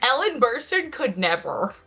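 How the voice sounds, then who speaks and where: A woman co-hosting a casual podcast. Her voice is bright and fairly high, with lively swings in pitch. She drops in quick, wry quips. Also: slightly rough. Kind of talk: casual chat.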